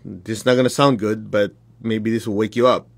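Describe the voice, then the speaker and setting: A man's voice: fairly low pitch, fairly even intonation, a little fast, gravelly, no room sound. A man teaching his followers in a blunt, direct way, with short laughs between points. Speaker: spiritual teacher.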